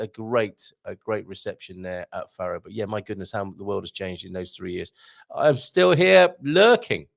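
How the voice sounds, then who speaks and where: A man's voice: on the low side, creaky. A man hosting a casual live stream, reading out viewer comments in a chatty way with frequent stumbles and restarts.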